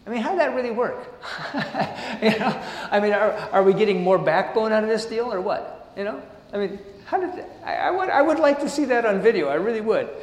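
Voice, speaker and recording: Man, preacher, high voice, lively pitch, echoey hall, sermon with casual asides. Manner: reads passages then riffs casually with laughs and asides. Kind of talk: sermon reading and commentary. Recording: roomy hall with long reverb.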